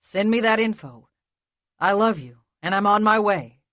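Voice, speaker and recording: A woman voicing a protective young man who speaks in a smooth, calm, soothing drawl. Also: medium pitch, normal speed, no echo, natural voice.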